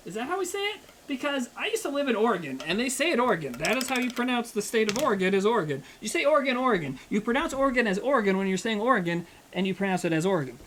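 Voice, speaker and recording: A man's voice: extremely high pitch, big pitch swings, racing, hardly any pauses, fairly bright tone, slight background noise, rough recording. A man chatting casually with his livestream chat while he cooks, rambling and swearing, joking at his own expense. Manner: rambling, profane, self-mocking banter with chat. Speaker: streamer cooking live.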